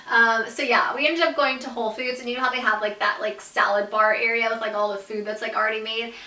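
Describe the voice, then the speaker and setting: Bright, animated young woman telling a story. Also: on the high side, a little fast, roomy sound, distant mic. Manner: animated, swearing, lots of "like", laughs through story. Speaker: vlogger. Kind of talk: storytime vlog.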